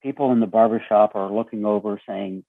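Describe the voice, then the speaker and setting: Gravelly raspy man on a tinny phone line. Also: lowish voice, fairly quick, no echo. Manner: acts out quoted dialogue with lively shifts. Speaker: interview guest. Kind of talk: storytelling conversation.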